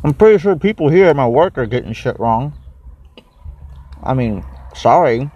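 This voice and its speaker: A man's voice: mid-range voice, animated, moderate pace, darkish tone. Young guy ranting on his podcast, swears a ton, munching snacks, bit of background hum. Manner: rambling, swears a lot, chews and eats while talking. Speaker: podcast host. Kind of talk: casual solo podcast rant.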